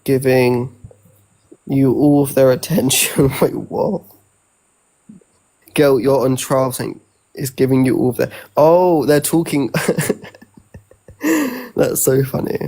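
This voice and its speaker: A man chatting casually on a live stream, throwing out teasing slang compliments. His voice has a gravelly, creaky edge. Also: mid-range voice, steady tone, slow, long pauses, dark tone. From outside the US.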